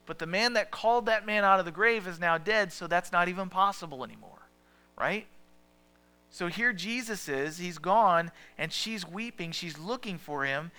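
A man preaching a sermon as pastor, talking conversationally and asking the listeners questions, often dropping to a soft hush. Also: high-pitched, expressive, normal speed, clean tone.

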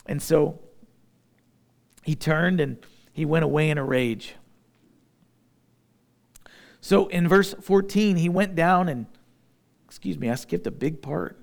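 Folksy higher-voiced man preaching. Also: gravelly. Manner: plain-spoken, folksy asides with light humor. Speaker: pastor. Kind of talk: sermon, reading and explaining scripture.

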